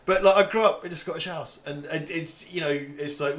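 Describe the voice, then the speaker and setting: A man's voice: fairly high pitch, fairly even intonation, fairly quick. A man from England chatting casually as co-host of a livestream, rambling, swearing and laughing often.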